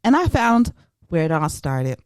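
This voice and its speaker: A woman hosts a casual podcast and tells stories with animation, jumping into other people's voices. Her voice sits at an ordinary middle pitch. The sound is close and dry. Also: a little slow, clean tone, dry recording. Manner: animated storyteller who acts out voices. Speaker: podcast host.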